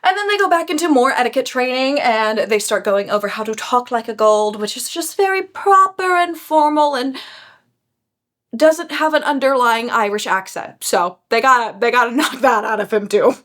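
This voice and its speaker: A young woman casually recapping a novel for her vlog, animated and gushing, often laughing. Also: a little high, a little fast, few pauses. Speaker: book vlogger.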